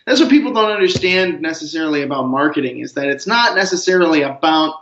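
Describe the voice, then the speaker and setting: A man's voice: on the high side, fast talker. A man, a comics writer as a guest, telling a rambling, joking story in a casual interview. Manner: rambling storyteller, animated jokes. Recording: roomy, dull lo-fi sound.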